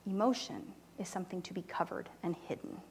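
A woman telling a mission story in a sermon, animated and emotional, dropping to near-whispers when moved. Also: fairly low pitch, brisk, slight background noise. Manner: animated storytelling, voices quoted people, drops to soft near-whispers; emotional, close to tears. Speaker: church speaker reporting on mission trip. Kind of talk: sermon testimony.

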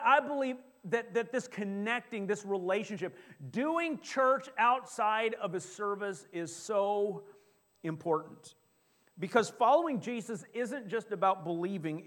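A middle-aged male pastor preaching a sermon in a church, lively and joking, often asking the congregation questions. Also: high voice. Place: church sanctuary.

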